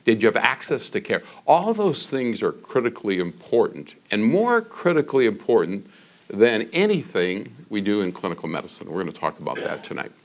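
A man's voice: lowish voice, very animated, brisk. A man in his sixties giving a public lecture in a college hall, telling stories in a conversational way with fillers. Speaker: guest speaker.

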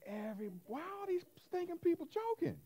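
Animated preacher man with wide swings. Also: very high-pitched, brisk. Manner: animated storytelling, acting out scenes, colloquial. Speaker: pastor. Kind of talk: sermon.

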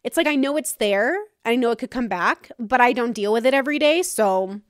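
A woman's voice: fairly high pitch, a little fast, dry recording, clean studio sound. A woman hosting her own podcast, talking frankly and casually in a solo monologue, with some swearing. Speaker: podcast host.

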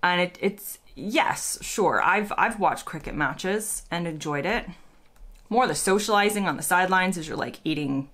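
An American woman, a vlogger, chatting casually and playfully as she reads quiz questions aloud and thinks out loud. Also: lowish voice, normal speed. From United States.

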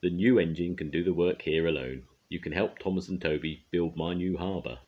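A man voicing a pompous railway boss in a storybook reading, giving orders in a booming voice. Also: brisk, narrow, tinny audio, lightly acted. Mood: cheerful. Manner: booming, commanding. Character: pompous stout railway boss, stern but fond.

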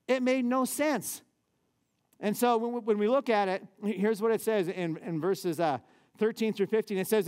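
A man, a pastor, preaching a lively sermon in a church with casual, conversational asides. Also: high-pitched, moderate pace.

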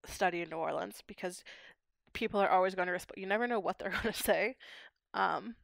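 A woman's voice: medium pitch, a little fast, vocal fry, no room sound, studio quality. A young woman from Pittsburgh, a linguistics PhD student explaining her research in a podcast interview, articulate and academic. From Pittsburgh, USA. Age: young adult.

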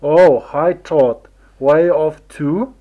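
Man as laid-back young traveler, slow, casual, textbook dialogue. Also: on the high side, dull audio. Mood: friendly. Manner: casual, easygoing. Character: relaxed young man at airport.

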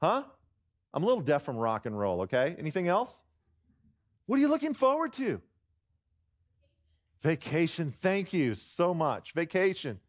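A man preaching as a guest pastor, his voice sitting on the higher side. He jokes at his own expense and calls out to the congregation for answers. His sentences often restart on the way. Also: wildly swooping pitch, moderate pace, long pauses. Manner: jokey, warm-hearted, self-deprecating, lots of restarts. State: choked up near tears. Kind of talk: sermon with congregation call-and-response. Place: church sanctuary.

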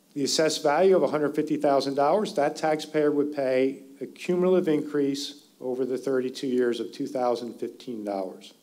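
A man presenting school district finance figures at a public community forum, in a steady explanatory way that stresses key words. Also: mid-range voice. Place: school meeting hall.

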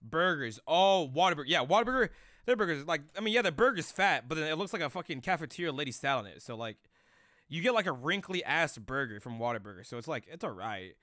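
A man's voice: on the high side, sing-song, fast, sharp tone, dry recording, studio quality. A young man streaming live, chatting loosely with chat in rambling, profane slang.

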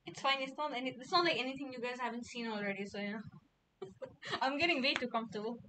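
High-voiced giggly woman streamer. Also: animated, quick pace, bright, forceful tone, slight background noise. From India. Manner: playful, giggly, repeats words. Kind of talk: casual livestream chat.

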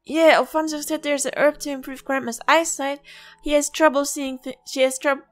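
A woman's voice: high-pitched, fairly even intonation, moderate pace, fairly bright tone, voice pushed up. A woman doing a small earnest village kid. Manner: earnest, hesitant, stumbles over words. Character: small polite curious village child. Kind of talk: fan voice-over of game dialogue. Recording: faint music behind.

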